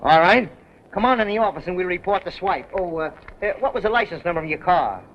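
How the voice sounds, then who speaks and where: List: brash car dealer, slangy patter, high pitch, faint hiss. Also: male voice, expressive, fast talker. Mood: smooth-selling. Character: brash fast-dealing male used car dealer. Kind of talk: 1930s film acting. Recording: dull old film soundtrack with faint hiss.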